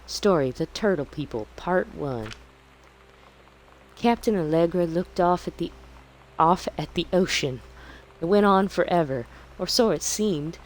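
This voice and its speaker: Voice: medium pitch, pitched above the performer's own voice, lightly acted, poor audio. A streamer reading a child's adventure story in a put-on Southern belle accent, with a lilting storybook delivery. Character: young girl's story told in a Southern belle voice.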